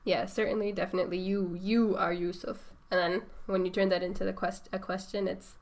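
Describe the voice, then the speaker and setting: A woman's voice: medium pitch, flat delivery, brisk, a little mellow. A woman teaching Quranic Arabic grammar one on one, patient and affirming, checking each step with short prompts.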